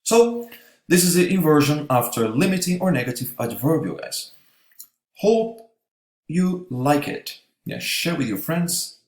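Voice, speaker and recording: A man's voice: fairly high pitch, sing-song, measured pace. A man teaching an English grammar lesson, patient, checking in with "all right?" after each point. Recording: echoey room.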